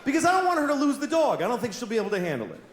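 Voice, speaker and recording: A man performing a stand-up comedy set, delivering blunt, profane deadpan observations. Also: very high-pitched, rapid-fire, some chatter behind. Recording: echoey live room with audience noise. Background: audience laughter.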